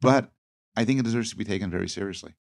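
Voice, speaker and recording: Very deep-voiced man, halting and thoughtful. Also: gravelly, no room sound, clean studio sound. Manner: thoughtful, halting, repeats words while thinking. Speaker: guest expert. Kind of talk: casual podcast discussion.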